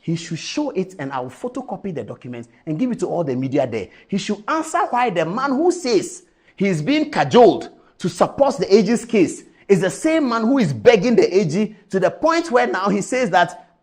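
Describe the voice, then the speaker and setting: A man's voice: sits high, big pitch swings, normal speed, darkish tone, slightly rough. A man from Ghana, hosting a TV show, giving an impassioned political commentary full of rhetorical questions and repeated words. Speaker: TV show host.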